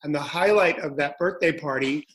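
A man's voice: fairly high pitch, normal speed, breathy edge. A man around sixty from South Texas, a guest telling old stories and acting out the voices of people in them. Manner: lively storyteller who acts out quotes. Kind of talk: anecdotal storytelling.

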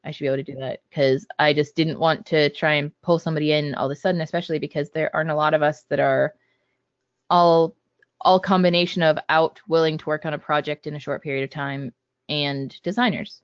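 A man, a game designer guest on a podcast, talking in a measured way with frequent ums. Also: fairly high pitch, fairly even intonation, clear, resonant tone, no echo. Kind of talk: casual podcast chat. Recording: dull, dry lo-fi audio.

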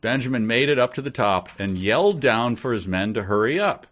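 A man co-hosting a comedy podcast, reading a book aloud deadpan and breaking off to joke about it. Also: medium pitch, a little fast. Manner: reads deadpan then jokes about the text.

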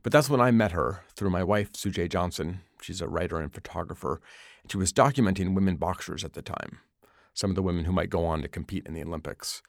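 A man narrating a radio documentary as host, in a measured storytelling delivery. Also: low voice, no room sound, studio quality.

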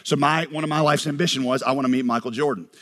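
A man from North Carolina preaching a sermon, animated, telling stories and acting out quotes, sometimes shouting. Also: medium pitch, fast. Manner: animated storytelling with acted quotes, rises to shouts. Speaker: pastor. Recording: long hall reverb.

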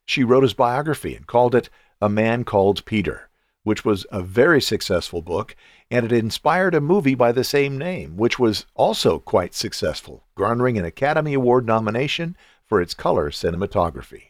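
A man's voice: mid-range voice, sing-song, normal speed, no room sound. A man hosting a devotional podcast, who speaks in an earnest, encouraging, pastoral way. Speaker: podcast host.

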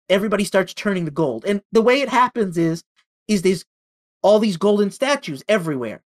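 Podcast co-host, a guy who tells stories animatedly and does little voices for the quotes. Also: high-pitched. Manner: animated storytelling with acted-out quotes. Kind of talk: casual chat.

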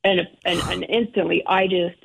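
A middle-aged woman, a guest, telling an emotional personal story in halting, restarting speech. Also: on the low side, fairly even intonation, vocal fry, slightly rough. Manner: halting, restarts often, acts out quoted relatives. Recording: phone-like narrow sound.

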